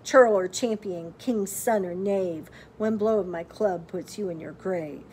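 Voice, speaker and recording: A woman's voice: mid-range voice, unhurried, slight background noise, close to an everyday voice. A woman voicing a huge, menacing male giant who bellows a rhyming chant in a storybook reading. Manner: chanting rhyme in a loud bellow.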